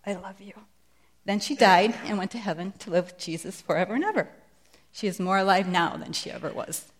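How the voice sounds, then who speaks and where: A middle-aged woman sharing a Christian testimony in a sermon, speaking with earnest, emphatic conviction. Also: medium pitch. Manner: earnest, emphatic preaching delivery.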